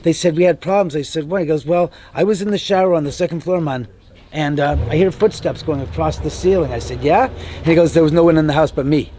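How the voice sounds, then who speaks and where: A homeowner giving a tour, telling stories in an animated way and acting out the quoted voices of other people. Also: male voice, on the high side, fast, slight background noise. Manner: acts out quoted dialogue, rambling with restarts. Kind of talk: animated storytelling.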